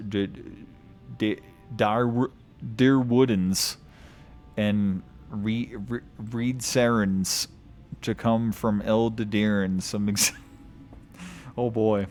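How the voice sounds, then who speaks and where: A man's voice: lowish voice, fairly even intonation, takes it slowly, pauses often, a little mellow, faint music behind. A man streaming a video game, reading lore aloud in a casual way, stumbling over odd names and chuckling.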